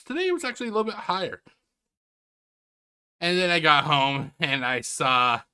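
A man hosts a reaction video from home, chatting loosely with his viewers. His voice sits high for a man and rings very bright and clear. He rambles and drops casual swears. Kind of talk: casual chat to camera.

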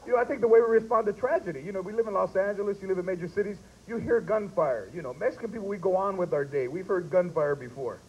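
Punchy high-voiced male comedian. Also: darkish tone. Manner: punchy, quick bits with voiced characters. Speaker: stand-up comedian. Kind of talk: stand-up comedy set. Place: live comedy stage. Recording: dull lo-fi live recording with faint hiss.

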